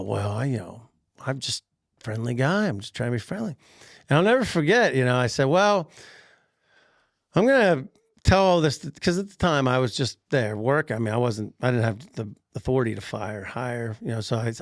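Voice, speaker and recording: A man on a podcast telling a workplace story in casual chat, animated, laughing often and acting out the people he quotes. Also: mid-range voice, creaky, dry recording, clean studio sound. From Pennsylvania.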